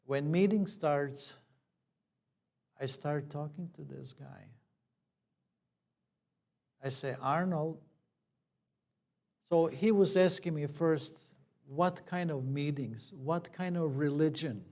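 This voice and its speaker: A man's voice: fairly high pitch, takes it slowly, gravelly, long pauses, darkish tone. A man, a church elder, telling a personal story in a plain conversational sermon, acting out the dialogue.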